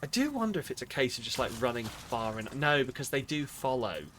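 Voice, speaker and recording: A man's voice: medium pitch, very animated, a little fast, fairly bright tone, a little hiss or hum. A British man streaming a game, muttering to himself, swearing and sounding exasperated. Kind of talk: casual gaming commentary.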